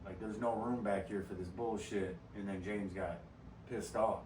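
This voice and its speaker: A man's voice: lowish voice, fairly even intonation, moderate pace, darkish tone. A young man co-hosting a podcast, telling stories with lots of swearing. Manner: profane, ranting storyteller. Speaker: podcast co-host. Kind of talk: casual chat. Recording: roomy echo, distant mic, faint noise.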